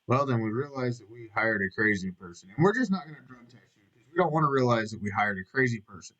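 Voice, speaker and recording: Middle-aged dude rambling on his vlog, jokey and sweary, regular pitch. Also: lively intonation, quick pace, fairly bright tone, muffled recording. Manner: jokey, profane, self-mocking. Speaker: vlogger. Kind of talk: rambling casual monologue.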